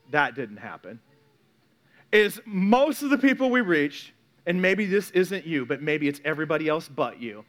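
A man preaching a sermon as a pastor, animated, often repeating words and acting out quoted voices. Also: high voice.

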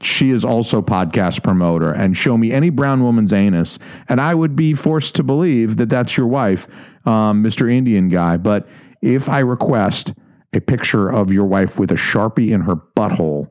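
Low-voiced man joking crudely on a podcast. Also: animated, moderate pace, a little mellow. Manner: crude joking, mock-preachy riffs. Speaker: podcast co-host. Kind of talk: casual podcast banter.

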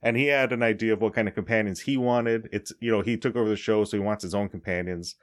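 Man, low voice, podcast host, casual, chatty, explaining. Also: steady tone, quick pace. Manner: chatty, explains with laughs and asides. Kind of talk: casual chat.

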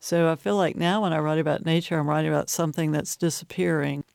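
A middle-aged woman from the Appalachian US chats as a guest poet, her voice carrying a gravelly texture. She muses aloud and laughs easily. The studio sound is close and dry. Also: low voice, fairly even intonation, fast, a little mellow, dry recording. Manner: reflective, laughs often, small restarts. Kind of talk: casual interview chat.

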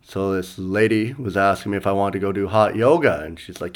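A man's voice: deep voice, a little fast, hardly any pauses. Man rambling through a funny story. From Canada. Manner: rambling, chuckles at his own stories, lots of fillers. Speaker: comedian and podcast host. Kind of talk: casual storytelling monologue.

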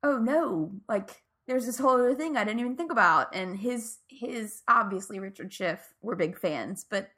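Bright, animated woman chatting about TV. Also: mid-range voice, moderate pace, few pauses. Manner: animated, laughs often, quotes lines in funny voices. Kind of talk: casual TV recap chat.

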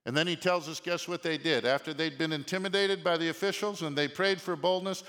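A male pastor preaching a sermon in an animated way, often asking the congregation questions. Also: fairly high pitch, brisk. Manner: animated, asks the congregation questions, shouts quoted lines. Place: church sanctuary. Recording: long reverb of a church hall.

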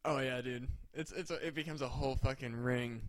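A man's voice: mid-range voice, fairly even intonation, a bit bright, no echo. A man co-hosting a comedy podcast, riffing jokes with lots of swearing. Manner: profane, quick riffing jokes. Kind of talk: casual comedic banter.

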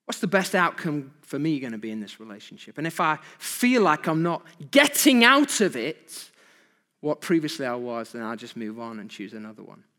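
A man preaches with a fairly high voice that swings widely up and down. He presses his points home with rhetorical questions to his listeners. The sound carries the long echo of a large hall. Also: very animated, moderate pace, pushed and bright. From Britain. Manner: rhetorical questions to the congregation, emphatic. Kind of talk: evening sermon.

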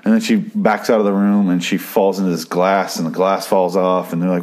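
A man's voice: sits low, little pitch movement, normal speed, hardly any pauses, darkish tone. A man casually recapping a TV episode, rambling, swearing often and sounding exasperated. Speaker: TV show recapper.

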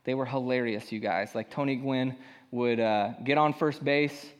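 A man's voice: mid-range voice, fairly even intonation, moderate pace, smooth. A young man preaching a sermon as a pastor, telling a personal story in a casual, self-deprecating way. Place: church hall. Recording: long hall reverb.

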